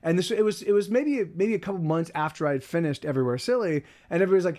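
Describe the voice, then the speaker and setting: A man's voice: high-pitched, rapid-fire, hardly any pauses. A man who works as a musician tells a story casually on a livestream, rambling and cutting himself off. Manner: rambling, self-interrupting, softly spoken. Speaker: working musician and streamer.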